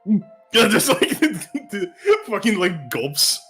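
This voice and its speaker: A man's voice: high voice, sing-song, slow, creaky, sharp tone, slightly rough, faint music behind. A man narrating as game master of a tabletop game, laid-back and joking.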